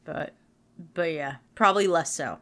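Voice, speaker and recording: A woman co-hosting a podcast in casual chat, chatty and self-deprecating with quick asides, tired and yawning late in the week. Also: low-pitched, a bit bright. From New Jersey. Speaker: podcast co-host.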